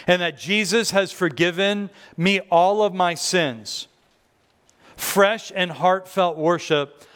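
A man preaching a sermon as pastor, telling stories conversationally with self-deprecating humor, in a church. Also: fairly high pitch. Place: church sanctuary. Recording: long reverb of a large church hall.

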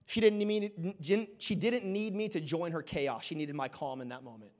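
Man, pastor, sermon, high voice, lively storytelling, joking about himself. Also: moderate pace. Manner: animated storytelling with self-deprecating humor.

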